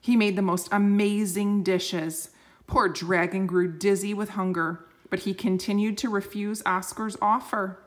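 A woman reading a picture book aloud slowly and gently, explaining words for children. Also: mid-range voice, flat delivery. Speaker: storyteller.

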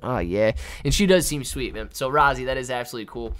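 A man's voice: medium pitch, lively intonation, fast talker, few pauses, smooth. A young man hosting a live market stream, chatting casually, reading out chat names and calling people man and dude. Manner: casual, reads chat names and shout-outs, says man and dude a lot. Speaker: livestream host.

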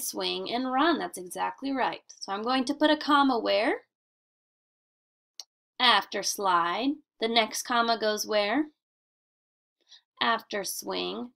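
A woman teacher giving a recorded grammar lesson for children in a slow, deliberate, sing-song classroom manner with emphatic questions. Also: on the high side, creaky, a bit bright.

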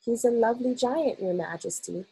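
A woman reading aloud, voicing a polite little girl who answers softly and calmly. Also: on the high side, moderate pace, vocal fry, slightly rough, voice pushed up, exaggerated voice, rough recording. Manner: soft-spoken and respectful.

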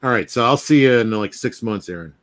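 A man co-hosting a casual chat among artists, easygoing and quick to laugh. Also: mid-range voice, expressive. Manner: laughs often, easygoing reactions. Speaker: co-host artist.

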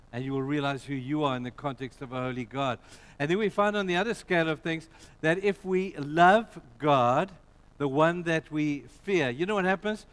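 A man preaching a sermon in an emphatic, storytelling way with conversational asides. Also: medium pitch.

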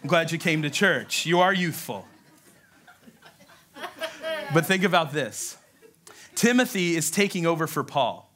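Man, pastor, sermon, high voice, lively storyteller. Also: measured pace, long pauses.

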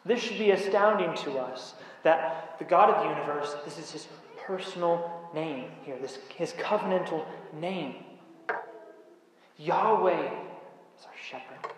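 Man preaching in a very echoey church. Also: on the high side. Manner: measured, emphatic pauses on key words. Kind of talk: sermon. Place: church sanctuary. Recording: very echoey church hall with faint hiss.

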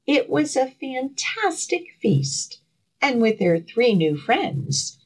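A woman librarian reading a fairy tale aloud and leading children's storytime outdoors, slow and expressive. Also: medium pitch, breathy edge, rough recording.

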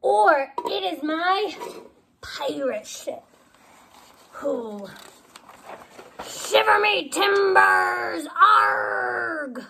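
A woman voicing an excitable, playful young rabbit who shouts sound effects and pretend games in a children's storybook reading. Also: very high-pitched, very slow, gravelly, long pauses, background noise, exaggerated voice. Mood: excited, playful.

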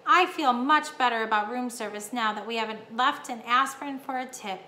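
A woman's voice: a little high, normal speed, bright, forceful tone. A woman voicing a worried, doting mother mouse who frets over her son. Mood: fretful. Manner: fretful, anxious questions. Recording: echoey room, faint hum.

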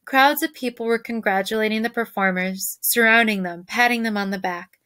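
Brief: woman teacher reading a novel aloud to her class, lively, dry close sound. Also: a little high, normal speed, no room sound. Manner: lively, shifts voices for characters.

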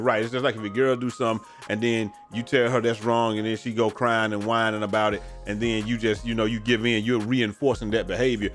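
A man's voice: fairly low pitch, level tone, a little fast, few pauses, a bit bright. Slangy tired male gaming streamer, music underneath. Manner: loose slangy talk, says "man" and "bro" often. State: yawning, tired. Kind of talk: casual commentary on viewer messages. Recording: faint music behind.

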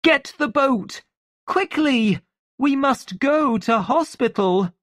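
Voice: high voice, expressive, slow pace, no room sound, studio quality, pitched above the performer's own voice. A storybook reader voicing a frightened young woman, the older half-sister, crying out urgently.

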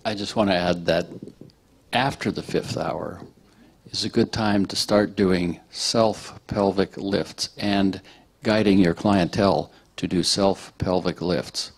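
Deep-voiced guy chiming in on a bodywork lecture, slow and measured. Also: steady tone. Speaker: co-teacher.

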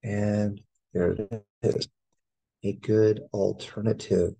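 A man's voice: fairly low pitch, takes it slowly, creaky, long pauses, breathy edge, poor audio. A middle-aged American man, an English teacher, going through test answers and spelling words out letter by letter. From United States.

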